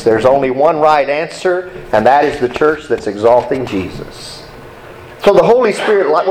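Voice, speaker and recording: A man's voice: fairly high pitch, a little hiss or hum, poor audio. A male pastor preaching an emphatic sermon, repeating key points and asking the congregation to read along.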